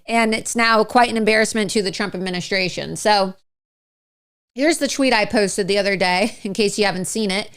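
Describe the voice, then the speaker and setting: Smooth-voiced woman political commentator. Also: mid-range voice, moderate pace, fairly bright tone. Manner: chuckles mid-sentence, emphatic, repeats points. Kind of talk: opinion commentary.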